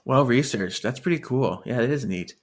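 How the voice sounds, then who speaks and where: A man co-hosting a podcast, casually recapping a novel and acting out the characters' lines with quick laughs. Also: medium pitch. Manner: animated retelling, acts out characters' lines with laughs. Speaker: podcast co-host. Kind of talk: casual book-recap chat.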